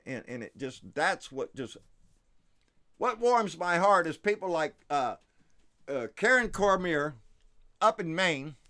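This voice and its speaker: An excitable man hosting a casual livestream, his voice bright and forceful and pitched fairly high for a man. He swears freely and trips over his words, restarting phrases again and again. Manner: excitable, profane, stumbling restarts. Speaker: livestream host. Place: South Texas.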